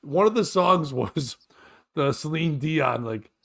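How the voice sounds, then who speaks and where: A man with a slightly high voice tells a story on a casual talk show. His delivery is profane and lively, and laughter runs through it. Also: takes it slowly, gravelly. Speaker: show host and comedian.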